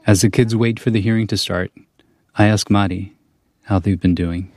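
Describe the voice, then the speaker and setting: A man narrating a documentary report as the reporter, in a measured, calm storytelling manner. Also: on the low side, slight background noise. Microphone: studio voice-over mic.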